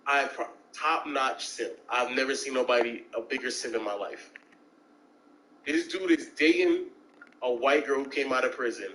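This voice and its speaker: A man's voice: moderate pace, slight background noise, poor audio. A man telling stories in casual chat and acting out the people in them with jumps in his voice. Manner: animated, acts out quoted voices with big pitch jumps.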